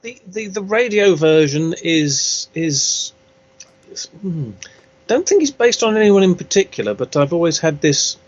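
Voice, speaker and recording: A man's voice: a little high, expressive, measured pace, lo-fi sound. A man being interviewed in a casual chat, hesitant and self-deprecating, often trailing off. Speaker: interviewee, steampunk maker. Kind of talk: casual video-call interview.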